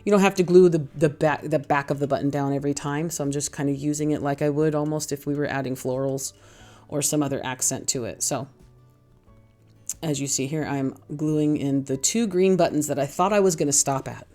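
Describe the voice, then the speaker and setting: A middle-aged woman with a notably low voice narrates a craft tutorial over faint background music. She rambles cheerfully through her steps and pokes fun at herself as she goes. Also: steady tone, fairly quick, warm tone. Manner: chatty, rambling, self-deprecating. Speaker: craft channel host.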